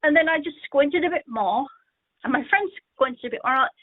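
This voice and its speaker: A woman calling in to a radio show, telling a childhood story in an animated way and acting out the voices. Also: high-pitched, fairly quick, no room sound. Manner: animated, acts out the quoted voices. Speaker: caller. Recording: dry tinny phone line.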